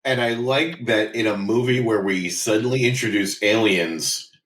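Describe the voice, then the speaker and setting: A man's voice: fairly low pitch, moderate pace, a bit bright, low-quality recording. A man co-hosting a podcast, chatting casually about a movie, acting out lines and laughing often. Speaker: podcast co-host. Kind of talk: casual movie-review chat.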